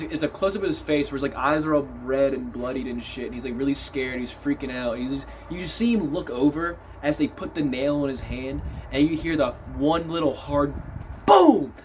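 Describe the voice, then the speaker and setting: A man's voice: fairly high pitch, fairly quick, hardly any pauses, slight background noise, low-quality recording. Casual, cursing man reviewing a film. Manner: casual, swears freely, animated retelling. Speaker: movie reviewer.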